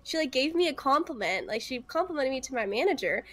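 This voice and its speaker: A woman telling lively stories in a casual group chat, acting out the voices of customers and coworkers. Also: high voice, fast. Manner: lively storyteller, acts out drive-thru voices. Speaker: stream participant.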